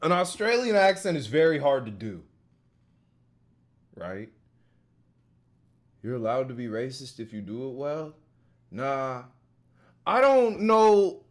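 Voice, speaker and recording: A man's voice: medium pitch, sing-song, takes it slowly, long pauses. A man streaming casually, reacting to a video in loose slangy talk full of fillers and laughs. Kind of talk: casual chat.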